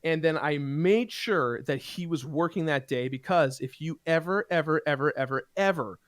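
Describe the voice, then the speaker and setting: A man casually telling a heated personal story to friends, animated and profane, with rambling restarts. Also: a little high, normal speed, no echo, studio quality. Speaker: gaming show regular.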